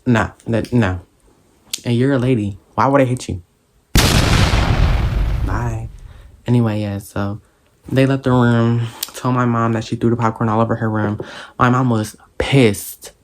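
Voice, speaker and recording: A young man vlogger telling a school drama story in a casual, sassy, animated way. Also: medium pitch, unhurried, long pauses, slight background noise.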